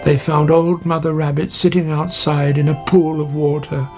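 A man calmly narrating a woodland animal story. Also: a little high, normal speed, faint music behind.

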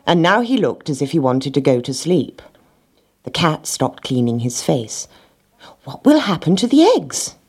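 A woman reading a children's storybook aloud, gently, with lively character voices. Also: low-pitched, breathy edge.

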